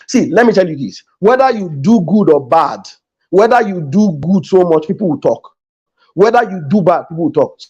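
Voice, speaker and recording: A man with a Nigerian English accent speaks in a fairly high voice for a man, coaching a studio audience about money and selling. His delivery is emphatic and preacher-like, and he hammers his main points home by repeating them. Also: lively intonation, moderate pace, a little mellow, breathy edge, muffled recording. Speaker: guest speaker, business coach. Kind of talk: motivational talk in a studio interview. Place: podcast studio.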